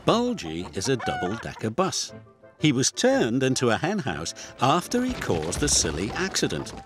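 A British man narrating a children's storybook with warm, expressive telling. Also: medium pitch, moderate pace. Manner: warm, expressive storytelling with many character voices. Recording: studio voice-over with music underneath.

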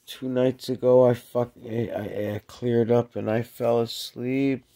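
Man, sick and short of breath, gravelly and slow, coos to his cats, mutters low, at home. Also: little pitch movement, warm tone. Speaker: cat owner filming his pets. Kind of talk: casual home video chat.

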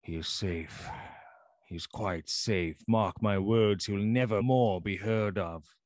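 A man's voice: fairly low pitch, takes it slowly, darkish tone, no room sound, studio quality. A man reading the part of a feverish, frightened middle-aged doctor who pleads in agitation. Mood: feverish pleading.

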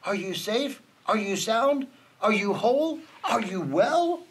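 A man's voice: high-pitched, slow pace. A man voicing a big, kind, loyal male elephant in a storybook read-aloud, speaking earnestly and with exclamations.

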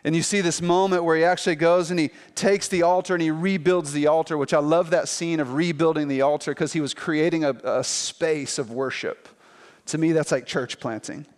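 Pastor guy preaching casual, tells the story all animated, long echo in a big church. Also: fairly high pitch, fairly quick. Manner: animated storytelling, acts out quotes in playful voices. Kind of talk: sermon.

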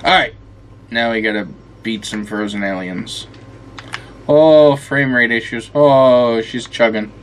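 Sleepy, slow-talking gamer guy. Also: mid-range voice, slight background noise. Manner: rambling, swears a lot, talks to the game. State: tired and yawning. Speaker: gameplay commentator. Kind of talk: casual let's-play commentary.

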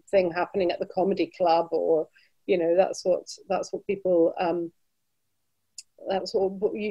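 A Scottish woman who directs a travel business chats as a guest in a casual interview, often restarting and laughing between points. Her voice is lowish and warm with a breathy edge.

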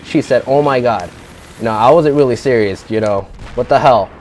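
A man's voice: medium pitch, fairly quick, darkish tone, slight background noise. A teenage young man ranting in a profane, rambling way, full of fillers, as he tells a story for his vlog. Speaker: vlogger.

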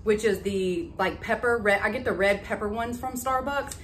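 A woman, chatting excitedly to her viewers in a casual haul vlog. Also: medium pitch, moderate pace, a little hiss or hum. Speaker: vlogger.

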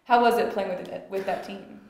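A woman's voice: mid-range voice, fairly even intonation, normal speed, creaky, darkish tone, a little hiss or hum. A young woman, a student interviewer, asking an alum questions in a friendly, chatty way. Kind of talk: casual interview. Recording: very echoey room.

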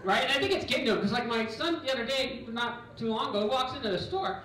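A middle-aged man doing a stand-up comedy set on a club stage, loud and bantering as he acts out characters. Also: very high voice, fast talker, far from the mic, a little hiss or hum. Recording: echoey club recording from afar. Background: audience laughter.

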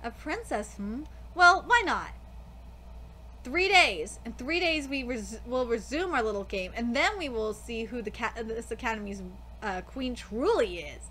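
A woman's voice: fairly high pitch, expressive, a little slow, sharp tone, a little hiss or hum, pitched below the performer's own voice. A woman reading a manga aloud, voicing a cold, commanding young female queen of an academy with clipped, imperious lines. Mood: haughty.

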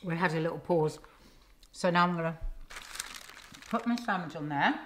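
Woman chatting while she cooks, lowish voice, sizzling pan in the background. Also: normal speed, a bit bright. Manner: chatty and affectionate, teasing her husband. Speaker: cooking show host. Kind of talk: casual cooking demonstration. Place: home kitchen. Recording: noisy kitchen with sizzling. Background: frying and sizzling.

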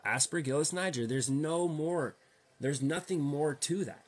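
A man's voice: on the high side, a little slow. A young man ranting casually to his viewers, full of slang and rhetorical questions. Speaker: vlogger.

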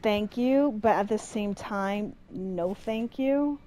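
Playing a horror game, a young woman comments as she goes, swearing a lot, getting jumpy, and talking to the game itself. Her mid-range voice is mellow and slow. A little hiss or hum is audible.

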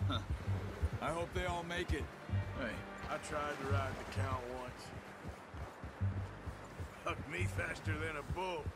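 An actor playing a weathered Old West outlaw who talks in a slow, plainspoken drawl. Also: male voice, on the high side, close to an everyday voice. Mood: fond. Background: loud game music.

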